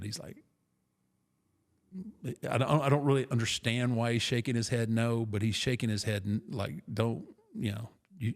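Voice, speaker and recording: Man, middle-aged, gravelly, low-pitched, rambling, self-deprecating storyteller. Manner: rambling, self-deprecating, with frequent restarts and laughs. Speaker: podcast guest storyteller. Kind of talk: casual storytelling chat.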